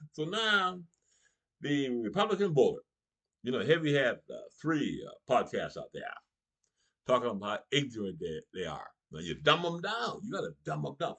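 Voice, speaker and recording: A husky-voiced middle-aged male comedian with a lively, swooping delivery. He talks straight to his audience in a political comedy monologue and chuckles between his lines. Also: a little high. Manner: animated, laughs between lines, addresses the audience directly.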